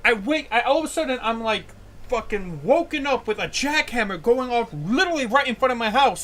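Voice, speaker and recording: A man's voice: extremely high pitch, lively intonation, fairly quick, a bit bright. A young man from the United States who hosts a casual livestream, rambling and ranting with frequent swearing. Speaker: livestream host.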